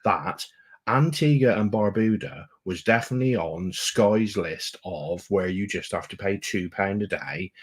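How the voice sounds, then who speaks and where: A man's voice: low voice, a little slow, slightly rough. A man co-hosting a travel live stream, chatting casually and telling stories with teasing jokes. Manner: joking, teasing storyteller. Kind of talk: casual chat.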